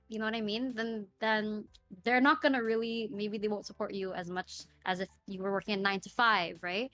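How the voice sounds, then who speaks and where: A woman's voice: mid-range voice, fairly bright tone. A young woman, a streamer and podcast guest, telling a personal story in a casual interview. She fills her talk with "like" and "right?" and acts out the lines of the people in it. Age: young adult. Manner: chatty, fills speech with "like" and "right?".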